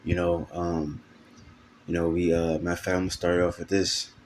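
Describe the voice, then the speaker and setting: A man's voice: deep voice, little pitch movement, measured pace, slight background noise. A man giving an informal video sermon, casual and profane, full of fillers, reading scripture aloud between comments. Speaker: preacher.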